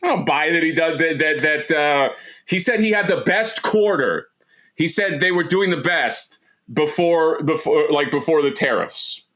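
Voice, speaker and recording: A man's voice: a little high, a little slow, a bit bright. A man co-hosting a casual livestream chat, rambling and joking with lots of restarts and fillers. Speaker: co-host.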